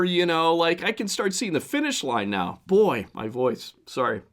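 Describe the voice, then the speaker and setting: A man of fifty, hoarse from the flu, hosting a casual solo podcast monologue into a desk mic and rambling with many restarts. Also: on the high side, big pitch swings, moderate pace, fairly bright tone. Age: 50s. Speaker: podcast host.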